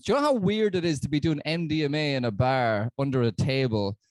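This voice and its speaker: A man with an Irish accent doing a stand-up comedy set, self-deprecating and deadpan. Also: medium pitch, fairly quick, no echo. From Ireland.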